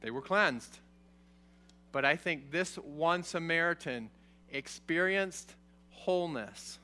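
In an informal Bible lesson, a male preacher reads a passage and explains it conversationally and with energy, regularly checking on his listeners. His voice is a little high, he takes it slowly, and there's a little hiss or hum in the recording.

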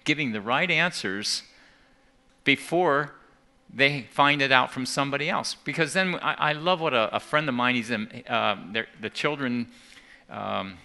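A man's voice: fairly low pitch, sharp tone. A man giving an earnest talk to a church audience, often restarting and repeating words. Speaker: seminar speaker.

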